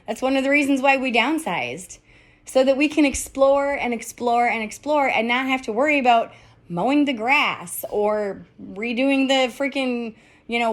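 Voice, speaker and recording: A middle-aged woman hosting a motivational podcast, talking candidly and emphatically, firing off rhetorical questions and swearing freely. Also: sits high. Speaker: podcast host.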